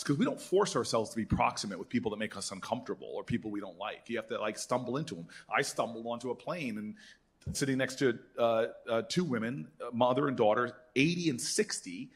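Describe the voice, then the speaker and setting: A man in his fifties, a senator, telling animated stories at an alumni event and acting out the people he quotes. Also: medium pitch, slightly rough. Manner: animated storyteller who acts out quoted voices. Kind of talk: storytelling speech.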